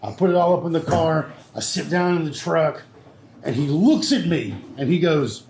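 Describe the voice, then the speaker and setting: A man telling a profane story in lively casual chat. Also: fairly high pitch, moderate pace. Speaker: show regular. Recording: echoey room with faint background noise.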